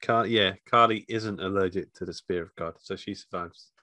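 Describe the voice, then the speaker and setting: A man co-hosting a casual film review chat, filling in plot details in a halting way. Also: low voice, pushed and bright. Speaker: podcast co-host.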